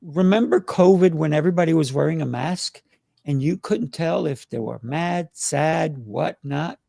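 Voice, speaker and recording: Man, host, gravelly voice, fairly high pitch, dry close sound, coaching, asks rhetorical questions. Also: moderate pace, dark tone, no room sound. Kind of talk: casual conversation.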